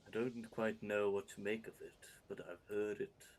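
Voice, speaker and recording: A man doing a grim devout believer with a deep voice. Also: level tone, lightly acted. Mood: solemn. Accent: put-on accent. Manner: solemn, slow, quiet. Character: devout grim man, stoic servant of the Emperor. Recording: faint background noise.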